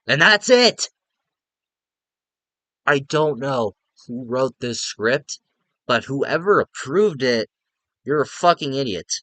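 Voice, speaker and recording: A man's voice: mid-range voice, a bit bright, no room sound. A young man giving a casual, profane, exasperated movie review rant, rambling with lots of filler words.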